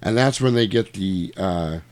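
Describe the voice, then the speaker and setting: A man casually retelling a movie plot in chat, animated and swearing, acting out lines in put-on voices. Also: low voice, measured pace.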